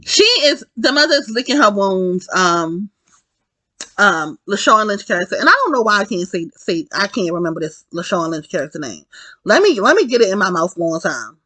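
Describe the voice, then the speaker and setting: A woman's voice: medium pitch, big pitch swings, normal speed, sharp tone, dry recording. A woman recapping a film in a casual, rambling way, swearing freely and checking in with her viewers. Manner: rambling, profane, keeps asking "right?" and addressing "y'all". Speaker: film reviewer.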